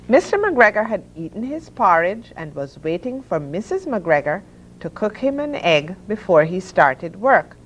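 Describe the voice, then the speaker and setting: A woman hosting a children's story hour, reading picture books aloud with expressive sound effects for the animals. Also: fairly low pitch, lo-fi sound, a little hiss or hum. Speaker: children's story reader and host.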